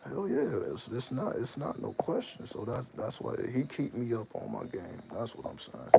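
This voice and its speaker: A channel host talks casually to the camera about his life in a loose, slangy monologue, often repeating himself and asking "you know what I mean." His voice is medium-pitched, animated and creaky, at a normal speed, and the recording is very noisy.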